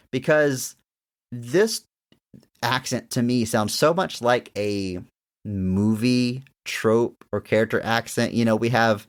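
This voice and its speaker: A man with a fairly low voice talks through a film review in a loose, conversational way. He hedges a lot and restarts his sentences as he works out his opinions. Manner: rambling, hedging with restarts. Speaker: podcast co-host. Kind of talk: casual movie review chat.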